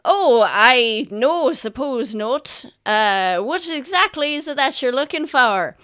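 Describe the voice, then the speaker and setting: A woman's voice: high-pitched, lively intonation, slow pace, fairly bright tone, clear, resonant tone, no echo, studio quality, voice pushed up, heavily acted. A woman voicing a chatty, nervous male merchant, rambling and hesitant with lots of uh and um. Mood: flustered.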